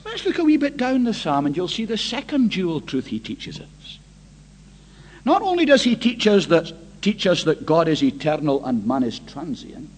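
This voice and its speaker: High, lively impassioned male preacher. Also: slight background noise. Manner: impassioned, emphatic, drawn-out stress on key words; asks the congregation rhetorical questions. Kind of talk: evening church sermon.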